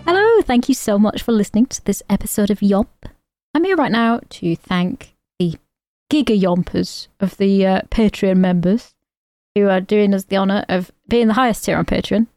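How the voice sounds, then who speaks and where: A woman's voice: medium pitch, normal speed, darkish tone, no echo, studio quality, soft background music. A woman co-hosting a casual podcast, giggly as she reads out thanks to supporters. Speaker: podcast co-host. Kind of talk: casual chat.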